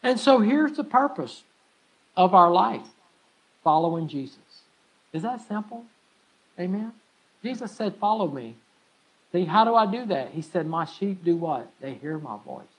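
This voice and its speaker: A man pastor preaching a sermon in a church, emphatic and stirring, calling out "amen" to the congregation again and again, swinging from soft, low lines to loud, raised ones. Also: big pitch swings, unhurried, pauses often, husky, poor audio. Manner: emphatic preaching with frequent call-outs of "amen"; pitch and loudness rise and fall widely between lines.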